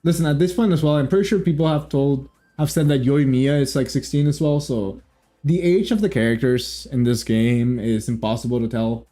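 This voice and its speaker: A man's voice: medium pitch, normal speed, dark tone, soft background music. Rambling, joking man reacting to a game. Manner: rambling, joking, frequent restarts and laughs. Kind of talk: casual gameplay commentary.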